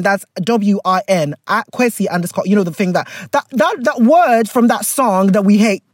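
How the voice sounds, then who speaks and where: A woman's voice: mid-range voice, no room sound, clean studio sound. A woman hosting a podcast, rambling playfully in a put-on British accent. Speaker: podcast host. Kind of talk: casual podcast chat.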